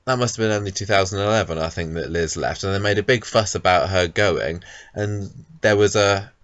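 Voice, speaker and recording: A man's voice: low voice, fairly even intonation, brisk, a bit bright, dry recording. A man co-hosting a casual podcast, talking about a soap character with lots of ums and restarts. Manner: hesitant, many ums and restarts. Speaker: podcast co-host.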